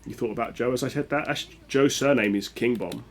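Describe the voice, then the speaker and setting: This man streams a speedrun and talks briskly at a medium pitch. He casually chats and jokes with his viewers, reading out their chat as he plays.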